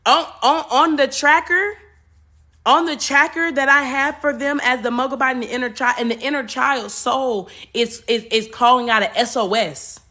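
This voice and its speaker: A woman podcast host, talking about spiritual energy in an animated way, repeating words and acting out voices. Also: high-pitched, moderate pace. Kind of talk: spiritual talk monologue.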